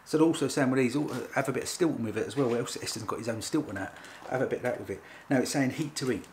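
A man hosts a casual food-review video from his home kitchen, with a voice sitting in an ordinary middle pitch. He rambles along in a chatty, playful way, with faint room ambience behind him. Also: fast, a little hiss or hum. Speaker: food reviewer, channel host. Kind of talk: casual vlog chat.

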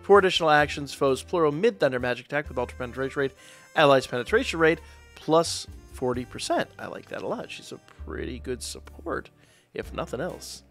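A gaming YouTuber with a mid-range, gravelly, slightly bright voice casually reviews mobile game units, speaking fairly quickly in a sing-song way. He reads stats aloud chattily and corrects himself along the way, over soft background music.

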